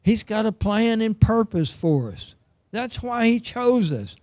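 A man's voice: high voice, sing-song, unhurried, a little mellow, no room sound, studio quality. A middle-aged man preaching a sermon, earnest and emphatic, reading scripture aloud.

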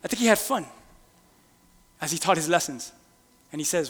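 A male pastor preaching a sermon in a casual, animated way, firing rhetorical questions at the congregation. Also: a little high, moderate pace. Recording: long reverb in a large hall.

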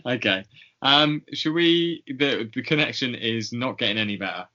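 A man's voice: mid-range voice, moderate pace, sharp tone. A man hosting a podcast, rambling through a casual sign-off with plenty of fillers and self-mocking asides, on a dull lo-fi call line. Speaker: podcast host.

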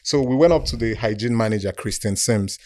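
A man's voice: fairly low pitch, a little fast. A man with a Nigerian accent telling stories in a casual chat, acting out other people's voices and laughing often. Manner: animated, acts out quoted voices, laughs often. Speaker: guest storyteller.

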